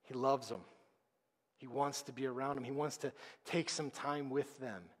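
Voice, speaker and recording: A man preaching a sermon as pastor, conversational and emphatic, with dramatic pauses. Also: medium pitch, steady tone, husky. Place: church sanctuary. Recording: long reverb of a church hall.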